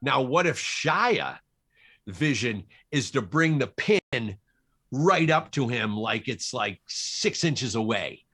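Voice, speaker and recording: A cinematographer being interviewed about his career tells stories from film sets in a relaxed, lively flow. His voice is ordinary in pitch, slow, and a bit breathy, and he animatedly acts out what other people said.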